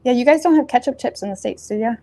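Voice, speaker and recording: A woman with a Nova Scotian accent doing a tarot reading in a rambling, casual chat, full of fillers and self-corrections, blunt and quick to laugh. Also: fairly high pitch, warm tone. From Nova Scotia, Canada. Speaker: tarot reader.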